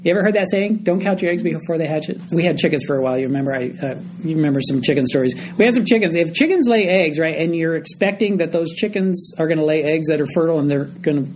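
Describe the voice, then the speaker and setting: A man's voice: fairly high pitch, expressive, fast, few pauses, darkish tone, a little hiss or hum, low-quality recording. A man teaching a group Bible study, explaining a passage verse by verse and often checking in with his listeners.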